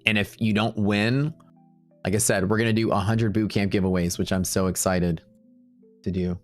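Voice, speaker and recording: A man's voice: lowish voice, fairly even intonation, normal speed, faint music behind. A man hosting a live day-trading stream, talking loosely and rambling, with some casual swearing. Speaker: day-trading livestream host.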